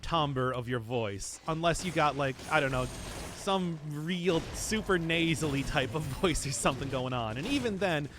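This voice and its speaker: Music plays under this male streamer's fairly high, expressive voice, delivered at normal speed. Chatting loosely with viewers while he plays, he rambles, chuckles a lot and replies to messages in chat.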